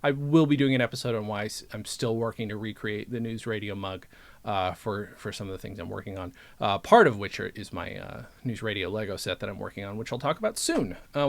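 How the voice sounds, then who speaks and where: A man in his thirties talking casually to camera as a vlogger, rambling and joking, often breaking off mid-sentence. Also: mid-range voice. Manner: rambling, self-interrupting, joking. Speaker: vlogger and podcaster.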